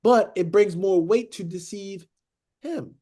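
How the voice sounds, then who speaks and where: A man's voice: sits high, slow pace, breathy edge. A man teaching a Bible study in a conversational sermon style, breaking in to act out the characters and often saying "beloved" and "okay?". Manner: animated, acts out characters, frequent "beloved" and "okay?".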